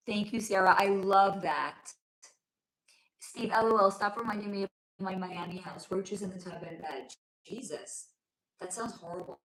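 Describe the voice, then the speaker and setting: With a sore throat and a voice giving out, this Los Angeles woman still chats warmly on her casual home livestream, reading viewer comments aloud; she's a livestream host and spiritual reader. Her medium-pitched, slightly bright voice runs at normal speed in a low-quality recording from an echoey room.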